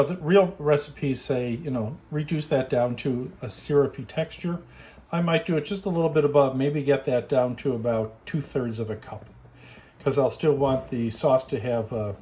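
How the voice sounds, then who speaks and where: A man hosting a casual cooking demonstration, explaining each step in a relaxed, chatty way from his home kitchen. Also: mid-range voice, slight background noise, rough recording. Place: backyard garden, then home kitchen.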